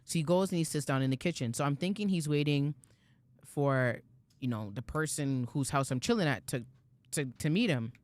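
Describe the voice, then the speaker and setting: A woman's voice: deep voice, moderate pace, darkish tone, no echo. A woman, co-hosting a podcast and telling a story in casual chat, slangy and swearing freely. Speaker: podcast co-host.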